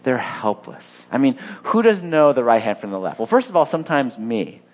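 A man's voice: medium pitch, big pitch swings, fairly quick. A male pastor preaches a sermon with humor and a casual, talky delivery. He jokes with the congregation and keeps the teaching conversational.

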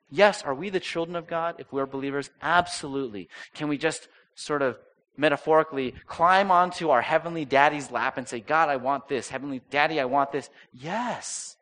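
Middle-aged man, pastor mid-sermon, forceful tone, animated storyteller. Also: a little high. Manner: animated storytelling with acted-out quotes.

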